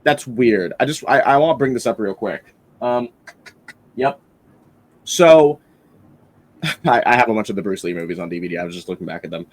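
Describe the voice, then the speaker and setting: A male podcast host with a fairly low voice, chatting casually about films. He rambles with enthusiasm, circling back with fillers and restarts as he works through his points. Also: expressive, normal speed, long pauses. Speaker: podcast host reviewing a film. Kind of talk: casual film-review chat.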